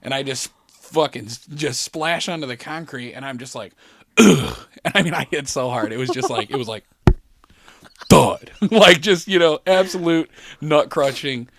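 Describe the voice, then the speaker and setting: A man's voice: on the high side, moderate pace, fairly bright tone, no echo. Profane, laughing man telling a rambling story. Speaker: podcast storyteller. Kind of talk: casual chat. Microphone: podcast studio mic.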